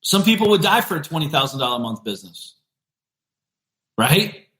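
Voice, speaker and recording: A male podcast host giving an energetic, emphatic motivational business talk, repeating punchy phrases. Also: on the high side, moderate pace, echoey room.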